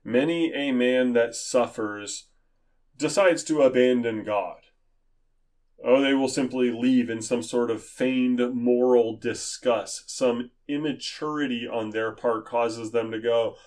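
A man teaching a Bible study sermon in an earnest, measured, explanatory way. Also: mid-range voice, a little mellow.

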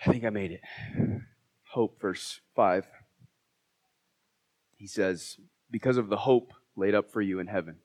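A man's voice: lowish voice, a little slow, pauses often, darkish tone, breathy edge. Man preaching a heartfelt sermon. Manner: emotional, heartfelt, self-deprecating humor. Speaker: pastor. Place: church sanctuary.

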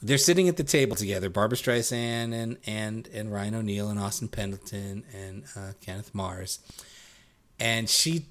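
A man's voice: fairly low pitch, moderate pace, fairly bright tone. A man co-hosting a podcast, retelling comedy scenes from a film with enthusiasm. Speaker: podcast co-host. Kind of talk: casual film discussion.

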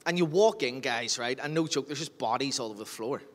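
A man's voice: mid-range voice, fairly quick. A man with a Northern Irish accent preaching a sermon as pastor, telling jokey stories and acting out scenes. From Northern Ireland. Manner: animated storyteller, jokey, acts out scenes. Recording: long hall reverb.

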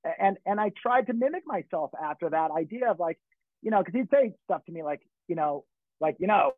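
A man's voice: high voice, lively intonation, brisk, no room sound. A middle-aged man from California telling stories in casual chat, rambling and swearing with many restarts. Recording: tinny phone-like dry sound.

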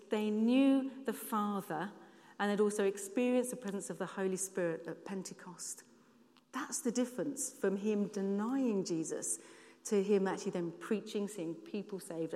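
A woman's voice: mid-range voice, dark tone. Earnest woman preaching in echoing hall. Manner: earnest, conversational storytelling. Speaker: church speaker. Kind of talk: sermon with personal stories. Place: church hall. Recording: long hall reverb.

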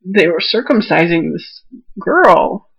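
A woman's voice: on the low side, lively intonation, vocal fry, fairly bright tone, husky, lo-fi sound. Blunt, teasing woman co-host. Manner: blunt, teasing, quick to joke. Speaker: podcast co-host. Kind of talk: casual chat.

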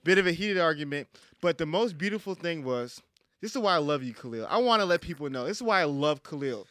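Bright, effusive man co-hosting a podcast. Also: fairly high pitch, expressive, quick pace, no echo, clean studio sound. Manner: effusive, playful, emotional. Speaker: podcast co-host. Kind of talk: casual group chat.

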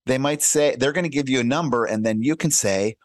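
A man of middle pitch talking as a podcast guest, earnest and practical. He illustrates his advice by slipping into quick mock dialogues. His voice sits close and dry, with no room sound around it. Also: dry recording. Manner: earnest, explains by acting out little dialogues. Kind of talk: conversational advice talk.

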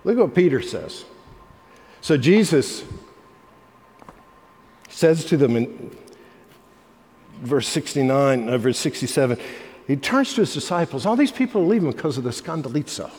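A male pastor delivering a sermon, swinging between loud, emphatic lines and hushed ones. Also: medium pitch, big pitch swings, normal speed, pauses often. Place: church sanctuary. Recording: long reverb of a large hall.

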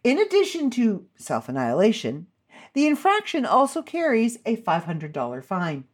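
A woman hosts a casual chat, reading out strange laws and breaking off into amused asides. Her voice swings widely in pitch as she goes. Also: wildly swooping pitch, normal speed. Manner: chatty, amused, self-interrupting asides. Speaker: host.

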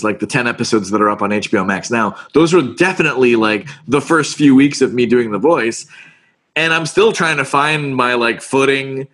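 A man, a voice actor, talking casually in an interview, animated and fast, often restarting his words. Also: mid-range voice. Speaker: voice actor guest.

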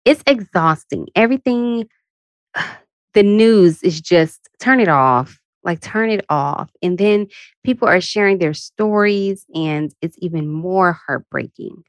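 A woman's voice: slow, no echo. Worn-out woman venting on her podcast. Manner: venting, candid and expressive, with sudden high-pitched asides. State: tired. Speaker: podcast host. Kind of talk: casual solo podcast rant.

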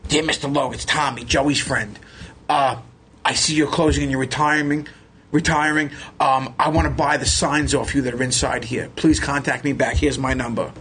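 A man telling a long, excited story as a podcast guest, loud and profane as he acts out what people said. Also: mid-range voice, normal speed, a little hiss or hum. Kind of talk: animated storytelling.

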